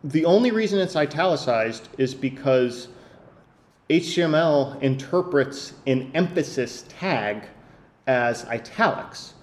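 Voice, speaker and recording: A man's voice: a little high, animated, measured pace. A man hosting a podcast, picking apart a text with disbelief, stumbling over restarts and fillers as he goes. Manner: hesitant, many restarts and fillers, incredulous. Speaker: podcast host. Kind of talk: casual podcast rant.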